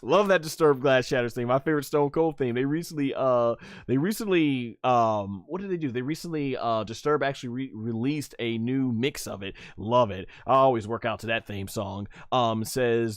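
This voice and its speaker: A man's voice: mid-range voice, normal speed, few pauses, dry recording, clean studio sound. A man hosting a casual livestream, reading viewer comments and rambling with many fillers. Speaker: livestream host.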